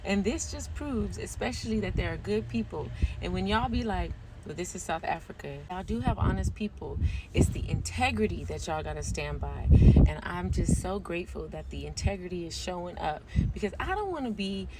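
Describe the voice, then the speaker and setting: A woman's voice: on the low side, expressive, moderate pace. An American woman vlogging, telling a personal story to camera in an emphatic, emotional way and repeating herself for stress. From United States. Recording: noisy background.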